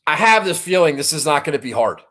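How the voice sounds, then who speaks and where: A man's voice: on the high side, big pitch swings, fast talker, bright, forceful tone. A man hosting a golf betting show, talking in a rambling, profane, frustrated way. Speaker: golf betting podcast host. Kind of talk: casual chat.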